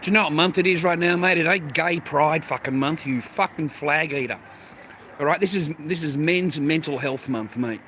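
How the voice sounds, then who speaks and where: A man's voice: on the high side, moderate pace, bright, forceful tone, slight background noise, poor audio. Blunt, profane Australian man outdoors. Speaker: livestream host. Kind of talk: unscripted livestream rant.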